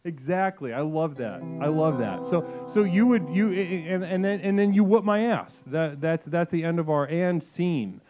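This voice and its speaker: A man hosts a comedic call-in stream with a deadpan, mock-guru delivery. His voice sits somewhat high for a man. The sound is tinny and phone-like, with faint music playing behind. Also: moderate pace, hardly any pauses. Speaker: livestream host.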